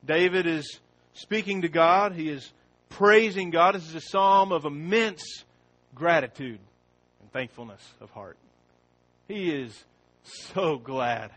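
A man preaching a sermon. He opens with a prayer, then reads scripture slowly and with rising force. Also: fairly high pitch, low-quality recording. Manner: slow and deliberate, rising loud when reading scripture.

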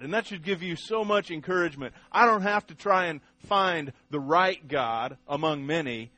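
A man's voice: high voice, animated, normal speed, hardly any pauses, bright, forceful tone, no echo. A man preaching a sermon, stressing single words, repeating himself and putting questions to the congregation. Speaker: pastor. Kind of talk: sermon teaching.

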